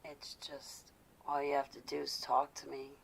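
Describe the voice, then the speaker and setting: A woman's voice: very deep voice, little pitch movement, moderate pace, vocal fry, noisy background. A woman talking to her live-stream viewers, confessional and intense, growing indignant as she talks. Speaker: vlogger speaking to live viewers. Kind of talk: casual live-stream talk.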